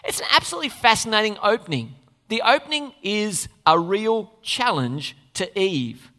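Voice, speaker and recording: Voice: mid-range voice, sing-song, normal speed, bright, forceful tone. A preacher giving a sermon in a conversational way, asking the congregation questions and adding playful asides. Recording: long reverb of a large hall.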